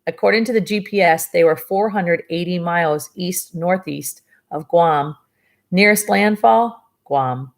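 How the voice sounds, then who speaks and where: Woman reading a novel aloud, lower voice. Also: unhurried, gravelly. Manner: chatty asides, dry sarcasm. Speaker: reader of a novel. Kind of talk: reading a book aloud with commentary.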